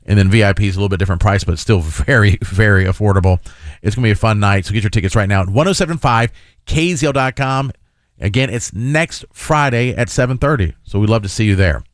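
A man co-hosting a morning radio show, chatting casually and pitching an upcoming event with an upbeat sales tone. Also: fast talker, dry recording, clean studio sound. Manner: upbeat, salesy promo delivery. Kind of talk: casual radio banter and promo.

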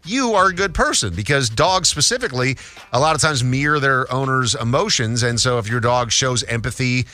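A middle-aged man with a bright, forward voice, co-hosting morning radio. He talks casually and teases his co-host in easy chat. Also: medium pitch, expressive, a little fast. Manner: teasing, conversational.

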